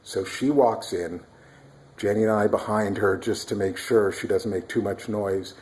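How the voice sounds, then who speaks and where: In a relaxed, chatty tone, a man with a fairly low voice shares a story about his family. Along the way he pauses to act out speech sounds and lowers his voice to whispers to make his points.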